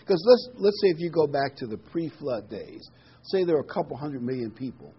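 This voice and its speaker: A man's voice: on the high side, big pitch swings, brisk, husky, lo-fi sound. A middle-aged man giving a casual sermon, reading scripture and musing aloud with frequent ums and restarts. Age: middle-aged or older. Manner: conversational, rambling, many ums and restarts. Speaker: preacher.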